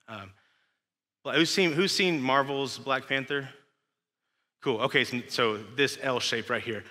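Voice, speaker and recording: Young west texan guy preaching, chatty sermon w/ asides, really bright voice, big churchy echo. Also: mid-range voice, measured pace. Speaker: pastor. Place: church sanctuary. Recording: long reverb of a church hall.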